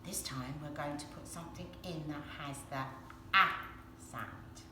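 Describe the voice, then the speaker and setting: A woman's voice: low voice, moderate pace, echoey room, slight background noise. A woman with an English accent teaching a phonics game to young children in a sing-song, encouraging way. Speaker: early years teacher.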